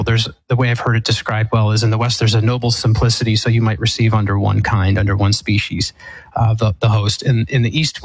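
Man, priest, husky tone, dry close sound, measured with many restarts. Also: medium pitch, dry recording, poor audio. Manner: measured, thoughtful, with frequent fillers and restarts. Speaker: Eastern Catholic priest. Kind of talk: explaining theology on a call-in show.

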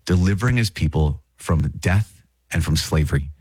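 Low husky man, earnest podcast host. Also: lively intonation, normal speed, darkish tone, dry recording. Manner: earnest, emphatic, repeats key phrases. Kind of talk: podcast reflection on a catechism reading.

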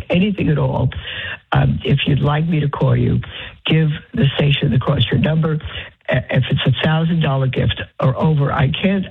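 A nun who is unwell and short of breath makes a halting, pleading fundraising appeal over the phone from her bed. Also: low-pitched, creaky, slightly rough. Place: lying in bed in her convent cell. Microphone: phone line. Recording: tinny phone line.

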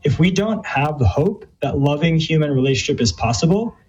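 A man's voice: on the high side, animated, fairly quick, darkish tone, husky. A man answering interview questions about ministry in an earnest, thoughtful way, with frequent fillers and restarts. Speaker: guest from a Catholic youth ministry. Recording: dull lo-fi sound.

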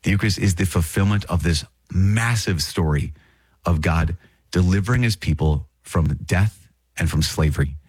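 A man's voice: deep voice, normal speed, darkish tone, breathy edge, no room sound, clean studio sound. A man hosting a podcast on the Catholic catechism, reading passages and then explaining them in an earnest, chatty way, often repeating key phrases. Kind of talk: casual teaching with read passages.

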